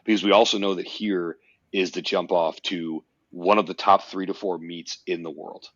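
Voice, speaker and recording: On a casual podcast, a male guest tells a personal story with blunt, emphatic conviction, swearing often and narrating intensely. His low voice is a bit bright, steady in tone, and at normal speed, captured in dry, slightly muffled audio.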